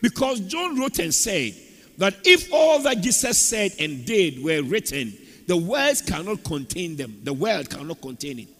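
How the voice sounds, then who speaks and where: A man's voice: sits high, big pitch swings, unhurried, fairly bright tone. A man preaching a sermon as pastor of a church and calling for amens from the congregation. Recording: echoey church hall.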